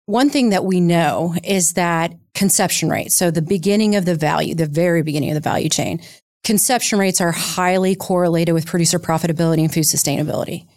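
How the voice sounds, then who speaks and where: A woman, a startup founder, answering questions in an interview in a lively, explanatory, conversational way. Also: fairly low pitch, fairly quick, no room sound. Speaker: guest, startup co-founder and CEO.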